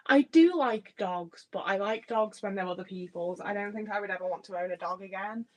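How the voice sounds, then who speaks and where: A young English woman from the Midlands, with a slight Liverpool twang, bakes in her home kitchen while livestreaming. Her medium-pitched voice is steady and brisk on a rough recording, and she rambles, chats with viewers, swears freely, and pokes fun at herself.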